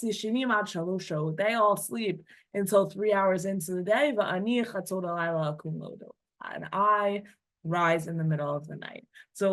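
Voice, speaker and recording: A woman teaching a class on classical texts, reading passages aloud and translating them in a chatty, animated way. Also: mid-range voice. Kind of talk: text study class.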